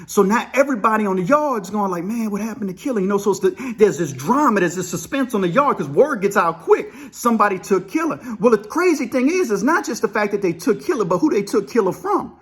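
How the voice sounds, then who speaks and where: Male storyteller, high pitch, animated and conversational, acts out every quote. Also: brisk, hardly any pauses, husky. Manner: animated, acts out quoted dialogue, peppers speech with "man" and "you know". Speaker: storyteller recalling prison life. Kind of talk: casual spoken storytelling.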